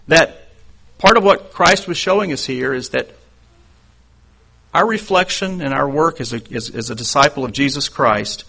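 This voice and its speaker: A man preaching a sermon in an earnest, conversational way, telling personal stories and dropping into quieter asides. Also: mid-range voice, husky. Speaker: pastor.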